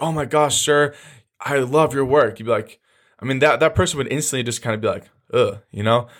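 Blunt, profane young man ranting. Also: lowish voice. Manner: loose, with many restarts. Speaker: podcast host. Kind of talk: casual monologue.

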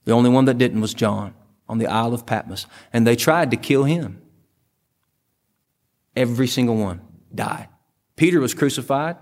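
A male pastor preaches with fervor at a middle pitch, surging upward on key phrases and sinking to near-whispers. His voice rings out with a long reverb through the church sanctuary. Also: normal speed, long pauses. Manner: impassioned preaching with sudden pitch leaps and hushed drops. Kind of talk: sermon.

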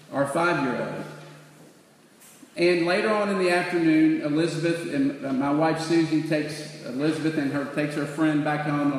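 A man's voice: fairly high pitch, slight background noise. A middle-aged man, a pastor, preaching a sermon that tells a family story and acts out the children's voices before building to a fervent appeal. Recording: echoey hall with long reverb.

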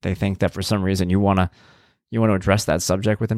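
A man's voice: low voice, flat delivery, quick pace, darkish tone, dry recording, clean studio sound. A man, a parent blogger, talking in a rambling, conversational way with wry, blunt humor. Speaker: parent blogger talking about his son. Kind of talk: casual spoken monologue.

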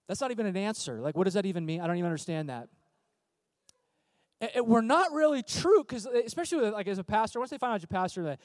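Animated high-voiced male pastor preaching. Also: fast, no echo. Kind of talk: sermon.

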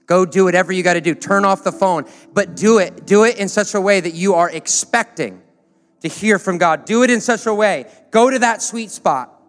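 A man preaching a sermon, urging his listeners with short repeated calls. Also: high-pitched. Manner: exhorting, repetitive, builds to loud celebration then drops soft. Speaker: pastor.

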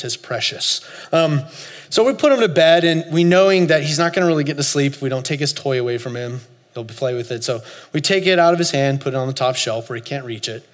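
A man in his forties preaching a sermon, telling a story with loud high bursts and soft low asides. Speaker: pastor. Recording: long hall reverb, faint music.

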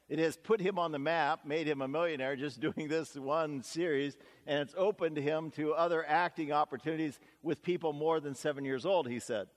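Guy preaching, chatty storyteller vibe, bit of a higher voice, echo rings out in the church. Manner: conversational, folksy storytelling with asides. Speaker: pastor. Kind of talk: sermon.

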